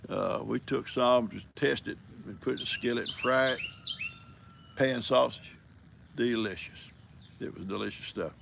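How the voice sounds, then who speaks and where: Gravelly older man, folksy rambling. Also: mid-range voice, normal speed, noisy background. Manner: folksy storyteller, chuckles often. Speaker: livestream host. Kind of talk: rambling casual chat.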